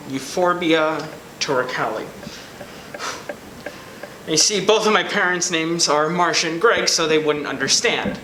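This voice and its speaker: A woman's voice: deep voice, background noise. A young woman playing an awkward group member named after a plant, rambling through self-pitying complaints in a student sketch comedy. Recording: echoey room.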